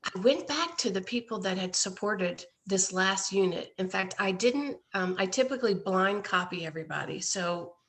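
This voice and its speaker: A nonprofit founder, a woman of medium pitch, earnestly recounts how her care-package effort grew, often quoting other people's words. She's a guest in a casual online interview heard over a video call, speaking at a moderate pace with lively intonation and a fairly bright tone.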